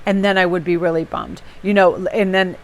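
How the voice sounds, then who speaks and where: A woman's voice: fairly low pitch, steady tone, fairly quick, darkish tone. Chatty woman giving a tarot reading. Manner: chatty and rambling, with personal asides and many fillers. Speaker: tarot reader. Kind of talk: casual tarot reading for viewers.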